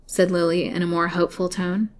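A woman narrating an old serialized novel in a measured, dramatic storytelling manner. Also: lowish voice, level tone.

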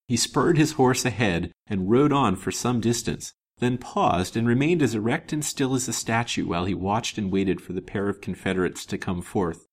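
A man narrating an old serialized novel in an expressive, old-fashioned manner. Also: on the low side. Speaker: storyteller. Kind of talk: storybook narration.

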